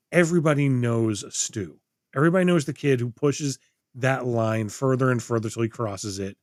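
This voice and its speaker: A man's voice: medium pitch, moderate pace, no room sound, studio quality. A middle-aged man reviewing a movie in casual podcast chat, rambling, swearing freely and acting out quotes. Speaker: podcast co-host.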